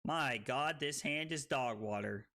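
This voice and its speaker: Rowdy tipsy man streamer, bright voice. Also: medium pitch, a little slow. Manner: loud, excitable, swearing, shouting and laughing. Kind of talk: rowdy drunk livestream chat.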